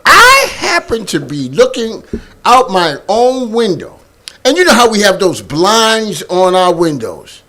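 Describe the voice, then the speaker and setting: A man's voice: high-pitched, wildly swooping pitch, a little slow, pushed and bright. A man hosting a casual talk show, bantering playfully and laughing often as he introduces guests. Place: church basement studio.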